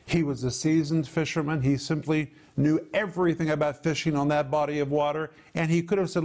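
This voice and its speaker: A man with a somewhat high voice teaches from the Bible in a televised program. He leans hard on key words and draws them out for emphasis. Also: steady tone, darkish tone. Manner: emphatic, drawn-out stresses on key words, explaining Greek word meanings.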